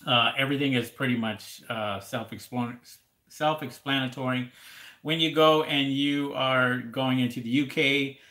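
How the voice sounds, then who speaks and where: A man's voice: mid-range voice, fairly even intonation, unhurried, sharp tone, roomy sound. A man hosting a casual live question-and-answer stream, rambling and repeating words as he talks straight to his viewers. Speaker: livestream host answering seller questions.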